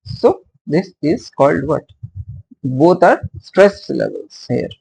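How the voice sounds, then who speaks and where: A male teacher, explaining poetry meter in a halting way, with many fillers and questions put to his listeners. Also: a little high, big pitch swings, vocal fry, darkish tone, poor audio. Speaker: literature teacher. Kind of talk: casual classroom-style explanation.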